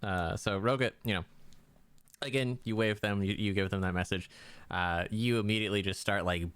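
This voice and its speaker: A man's voice: on the low side, steady tone, normal speed, a bit bright, clear, resonant tone, no room sound. A man narrating as game master, rambling with many fillers and restarts.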